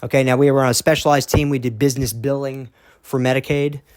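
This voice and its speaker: A man of ordinary pitch recounts his story in a casual, heated monologue, pressing his points with repeated "okay?" check-ins and restarts. He is blunt and drops a curse now and then. The recording is dry and close, with no room sound. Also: little pitch movement, fast talker, no room sound. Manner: emphatic, keeps asking "okay?", repeats himself. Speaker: vlogger telling his own story.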